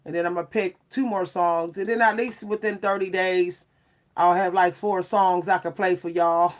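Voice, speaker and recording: A woman's voice: fairly low pitch, fairly even intonation, normal speed. Woman vlogger, casual live chat, talkative, frequent laughs and "y'all". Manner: chatty, keeps saying "y'all", laughs often. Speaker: vlogger and French horn player.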